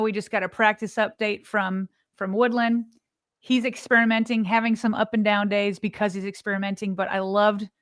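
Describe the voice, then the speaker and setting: A woman co-hosting a sports podcast, giving emphatic, animated opinions in casual talk. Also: mid-range voice, no room sound, studio quality. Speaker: podcast co-host.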